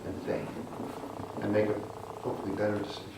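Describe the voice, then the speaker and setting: Middle-aged male speaker at a club meeting, lively storyteller, heard from a distance in a very echoey room with noise. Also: on the low side, fast. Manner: animated storyteller who acts out voices in anecdotes. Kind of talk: prepared storytelling speech.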